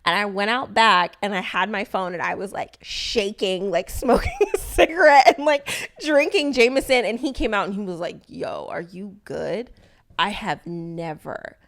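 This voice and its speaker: A young woman tells a story on her podcast in casual chat. Her voice sits at a middle pitch, and she curses freely while she acts out everyone's lines. She is lively and expressive. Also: moderate pace, hardly any pauses. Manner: animated, swearing, acts out quoted dialogue. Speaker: podcast co-host.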